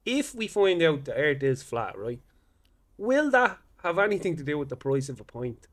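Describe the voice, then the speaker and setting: A man's voice: a little high, big pitch swings, moderate pace, a bit bright. An Irish man chatting casually as a guest, rambling and swearing freely, often mimicking the way other people talk. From Ireland. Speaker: comedian guest. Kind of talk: casual podcast chat.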